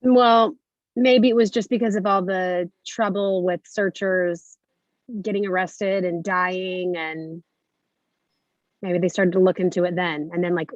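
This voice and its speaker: Calm, musing woman co-host. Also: fairly low pitch, unhurried, dry recording. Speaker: podcast co-host. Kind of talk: casual livestream chat. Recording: dry, muffled lo-fi audio.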